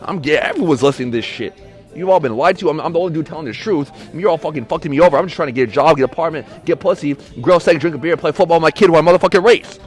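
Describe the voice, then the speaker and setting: Man, angry solo rant, rapid-fire, slightly high voice, profane, shouty bursts. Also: soft background music. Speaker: podcaster.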